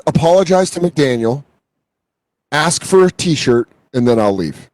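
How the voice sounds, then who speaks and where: Animated man, lively swooping pitch. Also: unhurried, dry recording. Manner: animated, acts out scenes in swooping voices. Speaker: comedian co-host. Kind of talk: casual comedy chat.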